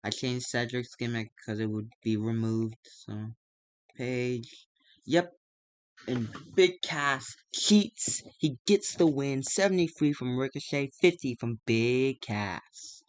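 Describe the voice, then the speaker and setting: A young man casually recapping a wrestling management game, narrating the matches and now and then putting on quick voices for the wrestlers. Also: no room sound. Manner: recaps matches and briefly acts out wrestlers' lines in quick, squeaky outbursts. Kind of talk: casual let's-play narration.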